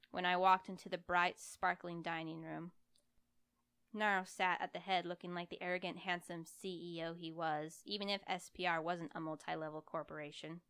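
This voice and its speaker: Woman narrator for a story, low and smooth, wry and lively. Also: no echo. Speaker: audiobook reader. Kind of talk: first-person fiction reading.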